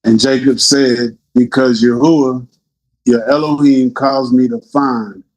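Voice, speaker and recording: Male scripture reader, slow and deliberate. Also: medium pitch, low-quality recording. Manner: steady, deliberate reading. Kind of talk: reading scripture aloud.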